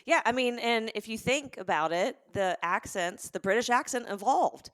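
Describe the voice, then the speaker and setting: A woman's voice: a little high, expressive, normal speed, no room sound. A woman with a Southern US accent, co-hosting a comedic podcast with a teasing manner and Southern expressions. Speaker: podcast co-host. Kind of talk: casual comedic chat.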